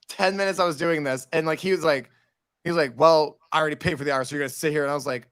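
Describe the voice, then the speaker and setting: A man telling stories in casual podcast chat, animated and campy, slipping into quoted voices. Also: fairly high pitch, a little fast. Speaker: podcast guest.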